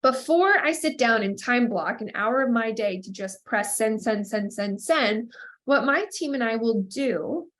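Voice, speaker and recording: A woman's voice: fairly high pitch, lively intonation, normal speed, hardly any pauses, fairly bright tone. A woman in her thirties hosting a podcast, sounding nasal and stuffed up from a cold, giving upbeat coaching tips. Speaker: podcast host. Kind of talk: scripted intro, then casual solo talk.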